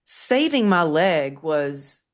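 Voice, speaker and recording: A woman with a low-pitched voice tells her own story as an interview guest. She is middle-aged and speaks in an earnest, vivid way. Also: very animated, slow.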